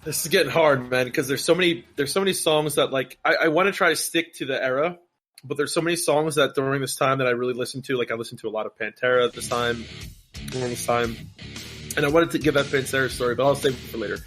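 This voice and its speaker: A man chatting as a podcast guest, telling an animated, rambling story full of restarts. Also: medium pitch, fast talker, soft background music. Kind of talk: casual chat.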